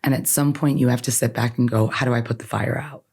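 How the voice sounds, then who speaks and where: An earnest woman lawyer, born in Iran, talks through her experiences as a podcast guest. She speaks in an animated, conversational way and keeps checking in with "right?" after her points. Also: a bass voice, quick pace, creaky, breathy edge. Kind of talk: conversational interview.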